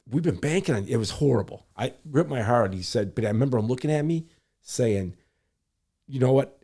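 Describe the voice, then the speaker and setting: Lively middle-aged storyteller, low male voice. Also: vocal fry. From Michigan, USA. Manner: acts out quoted voices, rapid self-corrections. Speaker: guest, public servant. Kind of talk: animated storytelling in conversation.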